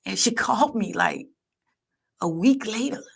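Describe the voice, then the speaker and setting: A middle-aged woman guest on a podcast, chatting casually and telling stories in a slangy, animated way with frequent laughs. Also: medium pitch, measured pace, gravelly, breathy edge. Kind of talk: casual chat. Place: podcast studio.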